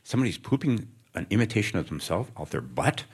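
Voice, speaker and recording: A man's voice: on the low side, sing-song, fast, breathy edge. A middle-aged male author speaking thoughtfully in a live on-stage interview before students, rambling with frequent restarts.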